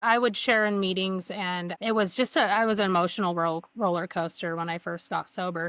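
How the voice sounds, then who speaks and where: A woman's voice: medium pitch, fairly bright tone, clean tone, dry recording. Young woman guest on a podcast, earnest storytelling, lots of "like", dry close sound. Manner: earnest, with frequent "like" and restarts. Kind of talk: candid personal storytelling.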